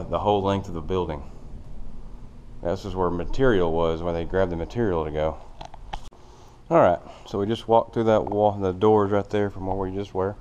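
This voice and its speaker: Low-voiced man touring an old factory. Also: darkish tone, a little hiss or hum. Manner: rambling, plainspoken, with fillers. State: out of breath. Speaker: vlogger touring a building. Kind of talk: casual walkthrough narration. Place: large empty old factory, indoors.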